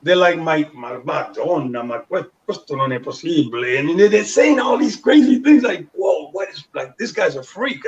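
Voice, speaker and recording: High-voiced Panamanian man telling stories. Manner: animated storyteller acting out quoted voices. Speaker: guest. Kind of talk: storytelling interview. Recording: dull lo-fi sound.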